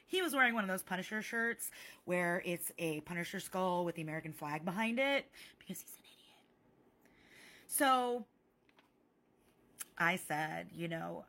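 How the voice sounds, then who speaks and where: Bright-voiced woman telling a sarcastic story. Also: on the low side, a little slow, pauses often. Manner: animated, sarcastic, swearing freely. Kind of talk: casual storytime vlog.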